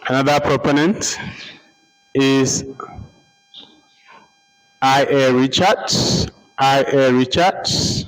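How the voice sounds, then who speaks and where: Slow-paced male lecturer spelling out names. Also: medium pitch, poor audio. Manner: repeats names and spells them out letter by letter. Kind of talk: slow dictation-style lecture.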